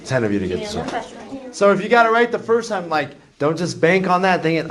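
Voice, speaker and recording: A man's voice: high-pitched, very animated, brisk. A man teaching a math class, chatty and self-deprecating, joking with his students. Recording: noisy classroom recording.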